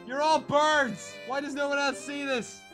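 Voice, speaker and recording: A man putting on a shrill, frantic voice, ranting in exasperation away from the mic. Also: steady tone, unhurried, faint music behind. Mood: exasperated. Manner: shrill, shouting.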